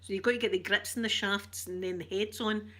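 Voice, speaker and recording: A woman's voice: medium pitch, fairly even intonation, brisk, sharp tone. A woman with a Scottish accent chatting casually to her viewers, telling stories and laughing often. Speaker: ASMR streamer chatting with viewers. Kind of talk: casual chat.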